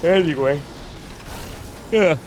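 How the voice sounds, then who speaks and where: A tired man doing casual solo live commentary on an esports match, chatty and laid-back, getting louder and quicker when fights break out. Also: fairly high pitch, slight background noise. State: tired, yawning.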